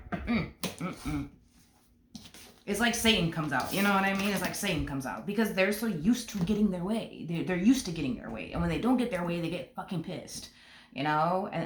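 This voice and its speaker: Low-voiced woman ranting through a tarot reading. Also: a little hiss or hum. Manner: blunt, emphatic, repeats herself, swears casually. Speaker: tarot reader. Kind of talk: casual tarot reading monologue. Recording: roomy echo.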